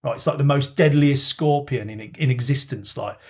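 A man's voice: medium pitch, moderate pace. A man telling a long, rambling story in casual podcast banter, swearing freely.

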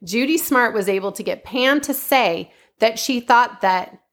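A woman's voice: fairly high pitch, unhurried, a bit bright. A woman host telling a true-crime story in a casual, chatty way, often laughing and saying "like". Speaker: podcast host.

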